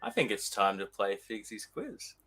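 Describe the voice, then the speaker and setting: Man, bright tone, upbeat, podcast host, explaining quiz rules. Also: lowish voice, very animated, normal speed, rough recording.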